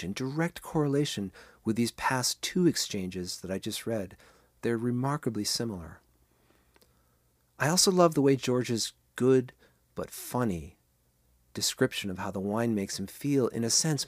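A man hosting a podcast, reading short-story passages and analyzing them in a measured way. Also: lowish voice, no echo, clean studio sound. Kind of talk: literary reading and commentary.

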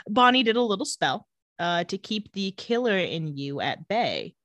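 A woman co-hosting a casual chat, retelling scenes and quoting characters in quick voices. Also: mid-range voice, big pitch swings, fairly bright tone, dry recording. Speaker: podcast co-host recapping a TV episode.

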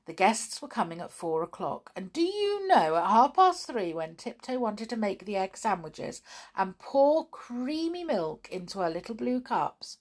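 A woman reading a children's storybook aloud in a gentle, expressive, unhurried way. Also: on the high side.

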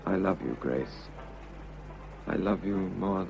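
An actor playing an unhappily married man who confesses his love, earnest and halting, in a vintage radio drama. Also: on the low side, big pitch swings, a little mellow, slight background noise. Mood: earnest pleading. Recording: dull lo-fi old radio recording.

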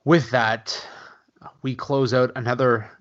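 A man co-hosting a casual sports podcast, relaxed and rambling, often chuckling. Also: medium pitch, takes it slowly. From Canada. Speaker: podcast co-host. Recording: dull lo-fi podcast audio.

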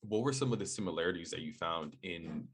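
Male podcast host, deep husky voice, animated and casual. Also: brisk. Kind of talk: conversational interview.

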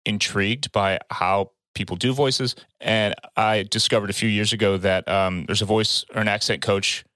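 Low-voiced male podcast host. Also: steady tone, moderate pace, sharp tone, dry recording, clean studio sound. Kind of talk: casual podcast conversation.

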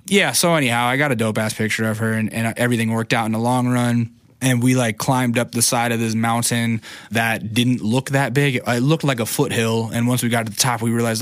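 Young male podcast host, casual profane storyteller, mid pitch, dry close sound. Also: moderate pace, no room sound. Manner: profane, animated ranting with lots of fillers.

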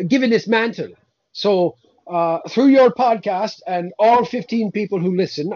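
A man's voice: sits high, a little mellow, muffled recording, pitched above the performer's own voice. A man voicing Saint Patrick as a cranky, profane old saint, ranting indignantly. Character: Saint Patrick, cranky foul-mouthed old Irish male saint.

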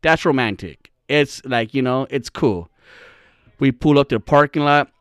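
A man's voice: mid-range voice, moderate pace, smooth, dry recording, studio quality. A young man hosting a podcast, telling a rambling, profane, jokey story in casual comedic style. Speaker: podcast host.

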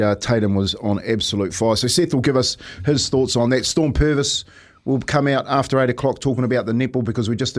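A New Zealand man in his fifties co-hosting a breakfast radio show, with a middle-pitched voice. He talks in a reflective, storytelling way and keeps saying mate. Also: darkish tone. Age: 50s. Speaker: radio co-host. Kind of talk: casual radio chat. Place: radio studio.

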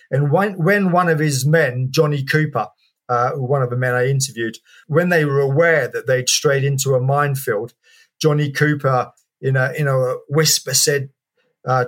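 A man, an author and historian, answering an interview question as a lively anecdotal story with many fillers and restarts. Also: on the high side.

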